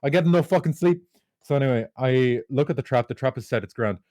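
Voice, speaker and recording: A young man, co-hosting a podcast and ranting excitedly with plenty of swearing. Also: medium pitch, fairly quick, no echo. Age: young adult. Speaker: podcast co-host. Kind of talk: casual chat.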